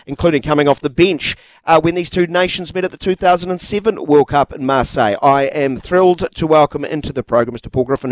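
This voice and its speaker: A man's voice: a little high, dry recording, rough recording. A man hosting a sports podcast, chatty and friendly, often hedging as he asks his questions. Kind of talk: casual interview.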